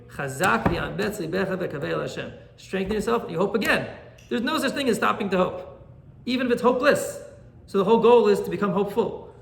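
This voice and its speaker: A man, a rabbi, teaching an animated Torah class and often checking in with "right?". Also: high voice, vocal fry, echoey room, a little hiss or hum.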